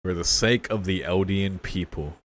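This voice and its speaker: A man's voice: deep voice, moderate pace. A man reacting aloud to a show episode in casual commentary, exclaiming, swearing often and talking back at the characters on screen. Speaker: reaction video creator.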